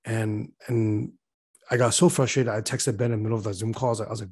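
Husky man telling a story, casual. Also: fairly low pitch, a little fast. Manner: animated storyteller, many fillers, acts out his own frustration. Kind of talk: casual chat.

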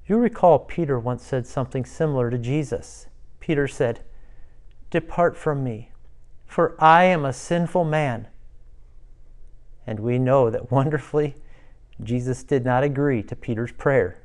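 A man preaching a devotional sermon, retelling a psalm with rising passion. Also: mid-range voice. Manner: impassioned, rising loud when voicing David's prayers.

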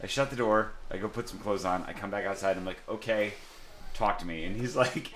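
Deep-voiced casual young man. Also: fairly quick, fairly bright tone. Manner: laid-back storyteller, swears, laughs often. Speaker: podcast co-host. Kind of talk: casual chat.

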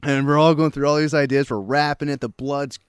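A young man tells a rowdy story on a casual podcast with a smooth, resonant voice recorded close and dry. He laughs a lot, swears freely and acts out what people said. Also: on the high side, steady tone, a little fast, no room sound. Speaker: podcast co-host telling a story.

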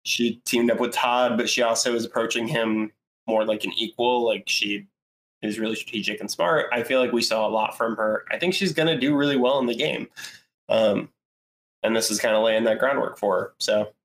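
A man's voice: mid-range voice, normal speed, a bit bright. Hesitant male podcast co-host. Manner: hesitant, many ums, laughs easily. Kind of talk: casual podcast chat.

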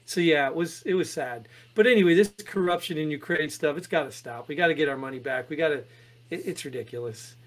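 A man co-hosting a podcast, talking through political headlines in an animated, exasperated way with many restarts. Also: fairly high pitch, fast talker. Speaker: podcast co-host reading headlines. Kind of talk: casual political chat.

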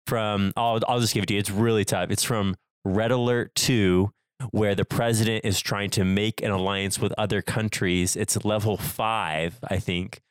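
A man with a deep, smooth voice co-hosts a casual podcast. He talks loosely and wanders into side tangents, restarting his sentences as he goes. His voice sits dry and close on the mic. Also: steady tone, normal speed, no room sound. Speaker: podcast co-host. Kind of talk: casual chat.

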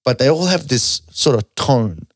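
A young Australian man, a stand-up comedian, chatting on a podcast in an animated way and swearing freely. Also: medium pitch, normal speed, breathy edge, dry recording, studio quality. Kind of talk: casual podcast chat.

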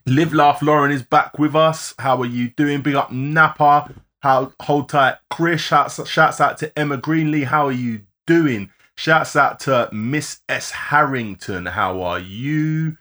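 Bright-voiced man giving shout-outs. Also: a little high. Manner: rapid shout-outs, laughs often. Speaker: podcast co-host. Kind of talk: casual live-stream podcast chat.

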